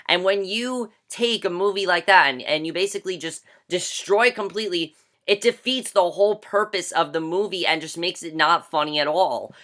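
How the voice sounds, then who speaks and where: Young male reviewer with a bright, sharp voice, ranting with emphatic, exasperated delivery full of "like" fillers. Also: high voice. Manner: emphatic and exasperated, heavy use of "like". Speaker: movie reviewer. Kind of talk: casual ranting movie review.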